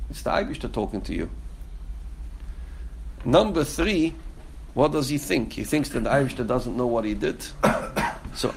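Man with a gravelly, raised voice teaching Torah. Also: fairly high pitch, moderate pace. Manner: quotes verses and commentary, then translates them; rhetorical questions, repeats phrases for emphasis. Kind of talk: Torah lesson on Genesis.

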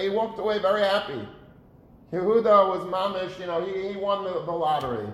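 Man, sermon, high-pitched, earnest, repetitive emphasis, echoey room. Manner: earnest, rhetorical questions, repeats words for emphasis. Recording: roomy echo.

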